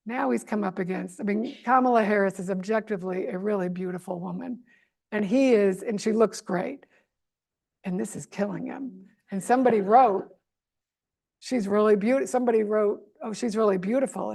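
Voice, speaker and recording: A woman from the United States answering as an interview guest, talking in an animated, sarcastic way with lots of asides. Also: mid-range voice, normal speed, gravelly.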